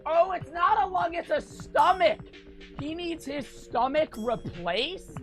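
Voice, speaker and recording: A man giving frantic gameplay commentary, swearing, talking to himself and breaking into sudden loud outbursts. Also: very high-pitched, expressive, slow, faint music behind. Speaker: gaming streamer.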